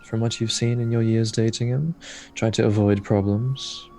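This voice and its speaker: A man playing a character in a tabletop game, slow and measured. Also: on the low side, fairly even intonation, warm tone, soft background music. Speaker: player. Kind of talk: in-character tabletop role-play.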